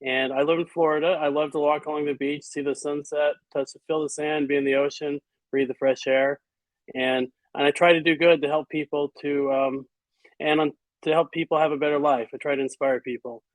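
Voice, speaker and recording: A man's voice: on the high side, fairly even intonation, fairly quick, no room sound, low-quality recording. A man speaking as a guest in an interview, earnest and reflective, with some hesitations. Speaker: guest author and physician. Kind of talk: interview conversation.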